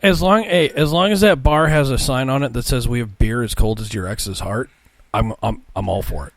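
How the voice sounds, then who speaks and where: Gravelly man with wry, teasing quips. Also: medium pitch, moderate pace, no room sound. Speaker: podcast co-host. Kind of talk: casual bar-talk podcast chat.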